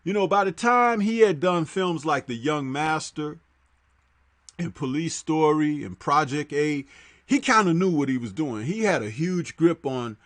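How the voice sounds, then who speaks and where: A man's voice: animated, unhurried, no room sound. A man hosting a casual livestream, talking loosely with many fillers and reading viewer comments aloud. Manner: conversational, reads chat comments aloud; frequent fillers, drops low on asides. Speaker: host.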